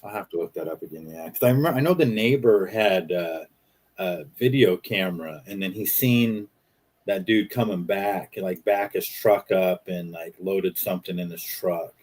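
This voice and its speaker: A man with a low, husky voice chats casually on a livestream. He tells his stories loosely, filling gaps with "like" and "uh.". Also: normal speed, darkish tone. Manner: storytelling, loose with fillers. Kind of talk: casual chat.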